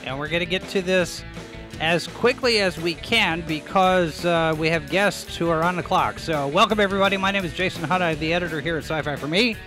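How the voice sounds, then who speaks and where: A man hosting a live online talk show, upbeat and hurried as he introduces his guests. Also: on the high side, music in the background. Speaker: podcast host and editor.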